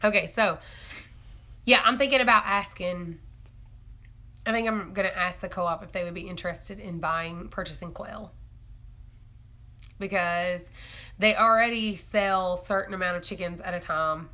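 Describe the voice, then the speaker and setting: A young woman hosts a casual homestead live stream. Her voice is bright and ringing, and she chats along with frequent giggles while answering viewer comments. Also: fairly low pitch, normal speed, pauses often. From East Tennessee. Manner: chatty and giggly, reads viewer comments aloud. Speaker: homestead livestream host.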